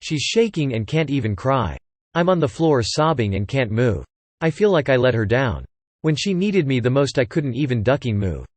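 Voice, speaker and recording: A man narrates a first-person story in a steady, plain voice and walks through the quoted dialogue without fuss. His voice sits at a middle pitch. The recording is dry and close, with no room sound. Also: normal speed, dry recording.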